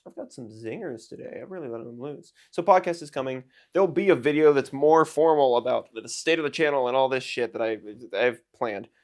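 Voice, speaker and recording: A man's voice: mid-range voice, a little fast, few pauses. A man in his twenties, talking to camera in a rambling, self-mocking, jokey vlog rant. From United States. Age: 20s. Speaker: YouTuber and streamer.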